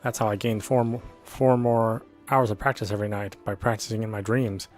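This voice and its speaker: A man's voice: fairly low pitch, steady tone, brisk, a little mellow. A man reading a visual novel aloud in an earnest first-person narration. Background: faint background music.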